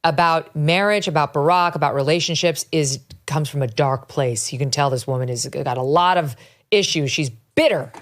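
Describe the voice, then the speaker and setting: Middle-aged woman host, lower voice, blunt and scornful, cusses when heated. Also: moderate pace. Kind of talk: political talk show commentary.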